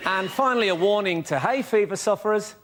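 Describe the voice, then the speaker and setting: A man, a comedian on a panel show, delivering deadpan one-liners. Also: sits high, fairly quick, over a noisy crowd, very noisy. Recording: studio audience laughter.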